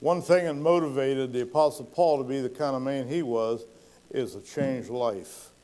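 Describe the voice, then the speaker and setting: A man's voice: medium pitch, normal speed, mellow. A male pastor telling stories in a folksy sermon style, acting out the people he quotes. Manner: folksy, acts out quoted voices with rising intensity. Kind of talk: sermon storytelling.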